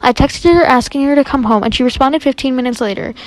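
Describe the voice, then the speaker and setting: A young woman tells a dramatic storytime at a rapid clip, slipping into the voices of the people she quotes. Her voice sits a little high, and the close microphone sounds dry with no room around it. The delivery stays chatty and animated throughout. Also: no echo. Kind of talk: fast storytime narration.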